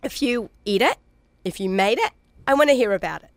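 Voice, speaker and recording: A middle-aged woman with an Australian accent hosting a radio food show. She sounds nasal and raspy from a cold, and talks in a chatty, upbeat way with fillers. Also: on the high side, lively intonation, brisk, no room sound. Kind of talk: casual radio food talk. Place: radio studio. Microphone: studio microphone.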